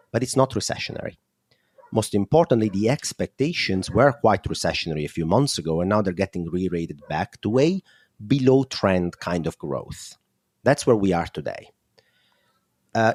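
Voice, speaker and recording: A man's voice: deep voice, slightly rough, dry recording, clean studio sound. A man with an Italian accent, a guest analyst explaining markets in an interview, thinking aloud with fillers.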